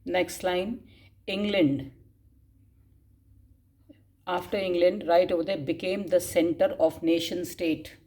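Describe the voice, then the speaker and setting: Woman teacher reading notes aloud for students to copy, very slow, repeats phrases, coughs often. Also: fairly low pitch, fairly even intonation, warm tone. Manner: slow dictation, spelling out words and repeating phrases; frequent coughs and throat clearing. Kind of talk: dictating class notes.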